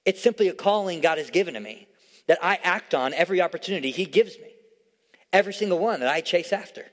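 A young adult man preaching a sermon in church, emphatic and repetitive, swinging between hushed storytelling and loud declarations. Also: high-pitched, animated, fast. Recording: long hall reverb.

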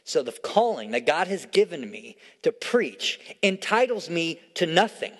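Man, young adult, preacher, sermon, fairly high voice, emphatic, repetitive, long church reverb. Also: very animated, a little slow.

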